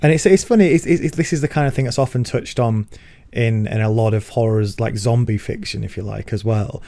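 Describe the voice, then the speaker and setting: A man's voice: mid-range voice, a little fast, vocal fry, mellow, no room sound. A man co-hosting a casual book podcast, explaining ideas in a thoughtful, hesitant way with repeated words. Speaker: podcast co-host. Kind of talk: casual book-club chat.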